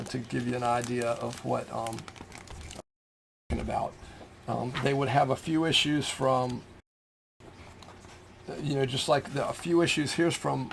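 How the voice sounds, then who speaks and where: In a relaxed show-and-tell, a middle-aged American collector talks about his comics, rambling with lots of ums and restarts. His voice is medium-pitched with vocal fry, and there's slight background noise.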